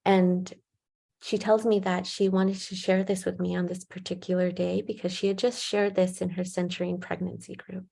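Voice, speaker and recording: A woman with a low, gravelly and mellow voice narrates a clinical case in a calm, measured way. She speaks on a nearly flat pitch and leans on soft fillers as she tells the story. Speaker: perinatal mental health clinician. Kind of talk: case presentation talk.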